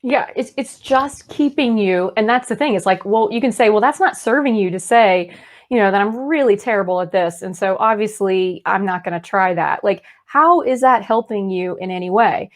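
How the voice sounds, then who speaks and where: A woman in her thirties co-hosting a podcast in casual chat, talking freely and laughing often. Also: moderate pace. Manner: chatty, laughs often, puts on squeaky voices to make a point. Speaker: podcast co-host.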